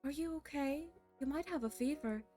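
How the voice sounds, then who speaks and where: A woman reading a visual novel aloud, voicing a sweetly manipulative female nurse in a soft, hushed tone. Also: high-pitched, moderate pace, faint music behind, close to an everyday voice.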